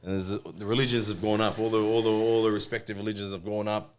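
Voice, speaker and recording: A man co-hosting a football podcast in casual chat, excitable and laughing a lot, with stumbling restarts. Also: fairly low pitch, fast talker, background noise. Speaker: podcast co-host.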